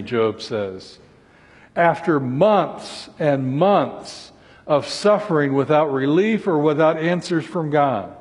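A man's voice: fairly high pitch, animated, takes it slowly, breathy edge. A male preacher giving an earnest sermon, voicing scripture laments with rising intensity. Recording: long hall reverb.

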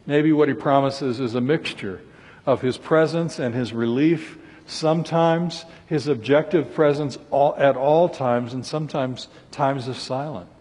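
Male preacher, earnest sermon delivery, husky tone, long hall reverb. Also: fairly high pitch, a little mellow. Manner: earnest, voices scripture laments with rising intensity.

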